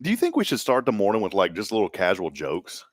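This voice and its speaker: Man, texan accent, morning show host, lively up-and-down pitch, dry close sound. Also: quick pace, dry recording. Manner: rambling, joking, animated storyteller. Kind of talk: casual chat.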